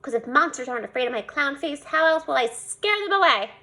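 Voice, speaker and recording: A woman voicing an excitable, mischievous little girl who exclaims loudly. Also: high voice, a little fast, full character voice. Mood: excited.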